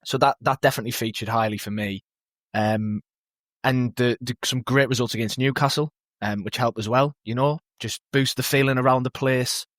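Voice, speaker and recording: A man's voice: mid-range voice, fairly even intonation, moderate pace, fairly bright tone, no echo, clean studio sound. A man on a casual football podcast panel, laid-back and rambling, often chuckling.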